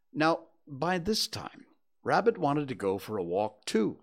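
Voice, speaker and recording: A man reads a children's story aloud at an easy, slow pace. His voice rises and falls widely, gentle and unhurried. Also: on the high side, big pitch swings.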